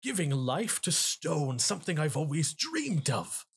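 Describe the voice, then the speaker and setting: A man voicing an excitable, nervous male half-orc architect in a tabletop game. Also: a little high, measured pace, gravelly, slightly rough, voice pushed up, full character voice. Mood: giddy.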